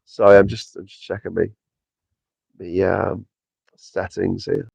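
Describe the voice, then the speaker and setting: A man's voice: deep voice, monotone, measured pace, creaky, pauses often, slightly rough, no echo, dull audio. Male streamer, chatty and sweary, tired, dry close-miked sound. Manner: chatty, sweary, reads viewers' comments aloud. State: short on sleep. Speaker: livestream host. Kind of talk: casual live-stream chat. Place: outdoors in the wind. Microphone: small clip-on mic with foam.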